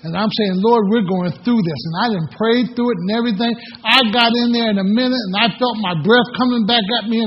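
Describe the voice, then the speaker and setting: A man's voice: sits high, a little hiss or hum. A middle-aged man preaching a sermon as pastor, telling folksy personal stories between scripture readings. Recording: echoey hall, dull lo-fi sound.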